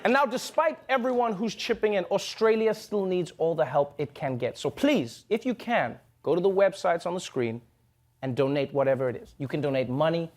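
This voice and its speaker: A man's voice: a little high, normal speed, a faint crowd. A man hosting a comedy news segment, joking animatedly in a studio with a laughing audience. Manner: jokey, animated, slips into comic impressions. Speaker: late-night comedy host. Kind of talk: scripted comedic commentary.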